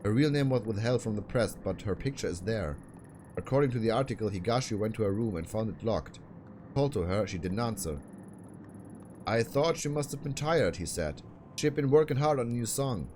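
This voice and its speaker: A man's voice: on the low side, expressive, brisk, a little mellow, slight background noise, natural voice. A man reading as a somber woman detective. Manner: plain reading-aloud.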